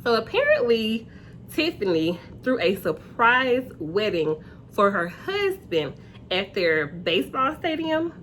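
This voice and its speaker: A woman hosting a casual reality TV recap, chatty and acting out quotes in high voices. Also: big pitch swings, takes it slowly, a bit bright, a little hiss or hum.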